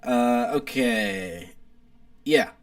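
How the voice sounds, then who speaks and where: A young man chatting casually on a live stream with an animated, rambling delivery. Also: drawn-out words. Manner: animated, rambling car enthusiast, wide pitch swings.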